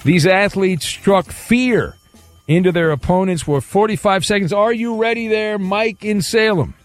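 Brisk joking radio host, raised voice. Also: male voice, high voice, no echo, soft background music. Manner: brisk, jokey, clue-reading. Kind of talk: sports radio quiz hosting. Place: radio studio.

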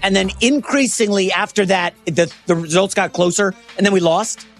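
A man's voice: high-pitched, moderate pace, creaky, fairly bright tone, faint music behind. A man co-hosting a sports talk show, setting up topics in casual conversation.

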